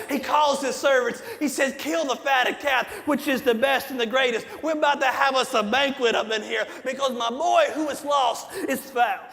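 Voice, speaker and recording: A preacher delivers a sermon in a very high voice, pushing into passionate shouting and hammering his phrases again and again. His voice rings through a reverberant hall with faint music under it. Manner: impassioned, shouting and repeating phrases.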